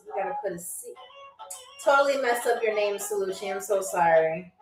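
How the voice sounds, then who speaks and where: A woman's voice: mid-range voice, lively intonation, moderate pace. A woman from New York hosting a live trivia game show, chatty and playful, talking straight to her viewers. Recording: echoey room, distant mic, faint music.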